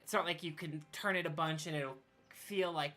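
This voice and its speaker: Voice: mid-range voice, steady tone, normal speed, pushed and bright. A game master narrating a tabletop game in a wry, playful way. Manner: wry, playful, laughs easily.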